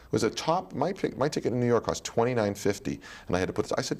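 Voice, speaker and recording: A man being interviewed as a guest actor, telling stories in a casual, animated way and slipping into other voices. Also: medium pitch, quick pace. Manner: animated storytelling, slips into voices.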